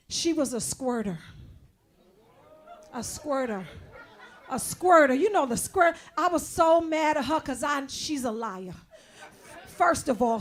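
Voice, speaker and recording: A woman in her forties doing a brash, conversational stand-up comedy set, often shouting the punchlines. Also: high-pitched.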